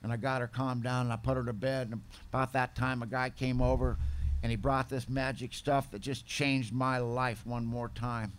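A man with a middle-pitched voice tells his own story in a plain-spoken, confessional way. He speaks as a recovery-meeting speaker, candid and direct. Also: little pitch movement, moderate pace, clear, resonant tone. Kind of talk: personal testimony storytelling.

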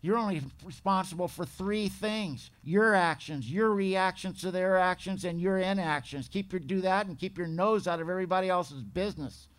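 Gruff blunt guy telling his story at a meeting, slangy, kinda high voice. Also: normal speed, hardly any pauses. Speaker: recovery meeting speaker. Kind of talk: storytelling talk.

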